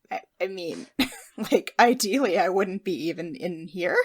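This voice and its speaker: A woman playing a tabletop game, animated and giggly. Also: mid-range voice, takes it slowly, husky. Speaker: player.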